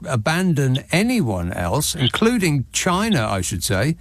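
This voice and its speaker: A man's voice: mid-range voice, huge pitch swings, unhurried, no room sound. A man hosting a late-night radio phone-in, sarcastic and opinionated. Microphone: studio microphone.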